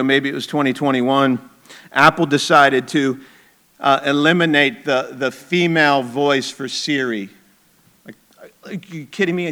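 A man preaching a sermon in a conversational way, with asides and a move into a quiet, intense tone. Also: mid-range voice. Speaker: pastor.

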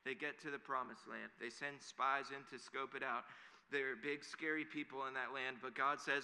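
A man's voice: mid-range voice, fairly even intonation, moderate pace, bright, forceful tone. A man preaching a sermon in an earnest way that builds to emphatic declarations. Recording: long hall reverb.

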